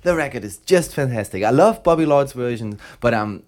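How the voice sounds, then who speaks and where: A man's voice: mid-range voice, animated, a little fast, a little mellow. A man hosting a radio show, chatting casually and enthusiastically about old records with many fillers.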